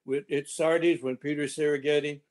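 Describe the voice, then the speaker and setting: A man in his seventies recalling a backstory in halting, rambling fashion over a video call. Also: on the high side, flat delivery, darkish tone. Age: 70s. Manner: halting, rambling recollection with many restarts. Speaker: original cast member at a reunion. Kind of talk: reminiscing on a video panel.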